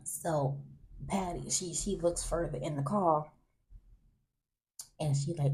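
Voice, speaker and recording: A man hosting a vlog, telling a college story in a casual, animated way, often laughing and acting out what others said. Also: on the high side, takes it slowly, long pauses. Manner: animated, acts out other people's lines in raised voices. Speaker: vlog host.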